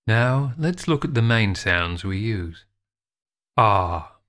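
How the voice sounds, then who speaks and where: A man giving a scripted pronunciation tutorial, sounding out words slowly and carefully. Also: on the low side, animated, fairly bright tone. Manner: slow, careful, drawn-out enunciation. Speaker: instructor.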